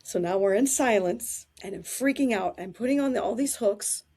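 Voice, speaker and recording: A woman telling anecdotes in a casual interview, animated and quick to laugh. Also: medium pitch, husky.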